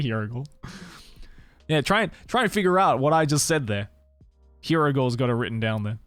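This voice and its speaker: A man's voice: fairly high pitch, animated, fairly quick, long pauses, fairly bright tone, no room sound, soft background music. A young man with an Australian accent chatting casually with his live-stream viewers, loose and rambling, swearing and laughing often.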